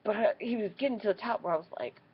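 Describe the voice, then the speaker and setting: A young woman telling a story in a casual vlog, swearing freely and acting out what people said in squeaky high voices. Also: very fast, breathy edge, highs cut off. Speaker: vlogger.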